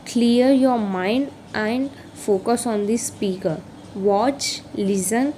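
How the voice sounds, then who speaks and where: A woman presenting a lesson, reading slide points aloud in a slow, halting way and often repeating a line. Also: mid-range voice, a little mellow, a little hiss or hum, rough recording.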